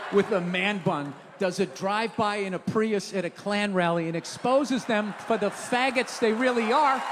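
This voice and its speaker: A man's voice: high voice, big-room sound, background noise. A man doing a stand-up comedy set, telling profane stories in a brash, ranting way. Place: comedy stage before an audience.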